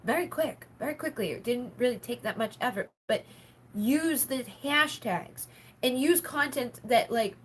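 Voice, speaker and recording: A woman on a casual livestream, talking in a slightly higher voice as she rambles along with lots of filler words. Her speech is loose and frank, with some swearing. A faint hum of ambience sits behind her. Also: expressive, a little slow. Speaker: spiritual healer hosting a members' live stream.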